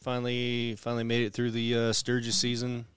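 A man's voice: medium pitch, monotone, a little fast, a bit bright, smooth, dry recording. A laid-back man from Montana chatting casually as a podcast co-host. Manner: laid-back, laughs often. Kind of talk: casual chat.

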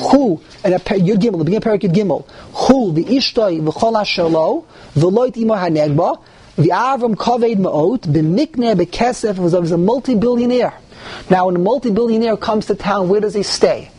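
A man teaching a Torah class to a group, animated, with rising emphasis and many Hebrew terms. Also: sits high, breathy edge. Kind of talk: lively Torah class with questions.

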